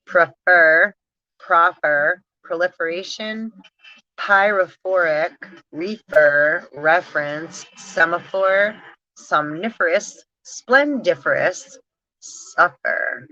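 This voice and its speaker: A woman with a low, bright voice reads through word lists at an unhurried, drawn-out pace, breaking into giggles now and then. The sound is dry and a bit dull, like a simple home recording. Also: dry recording. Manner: slow, drawn-out word reading with frequent giggles. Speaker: spiritual channel host. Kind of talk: reading word lists aloud, casual musing.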